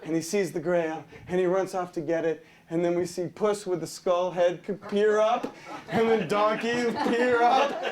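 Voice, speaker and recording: A man pitching a storyboard, narrating scenes with laughter and acting out character voices. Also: moderate pace, crowd noise.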